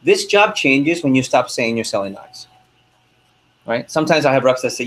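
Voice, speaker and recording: A young male manager pumps up his sales team, talking fast and loose with constant check-ins. His voice sits at an ordinary middle pitch. A faint hiss of room noise runs under the recording. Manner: energetic, hyping up the room with quick asides. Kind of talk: motivational sales meeting talk.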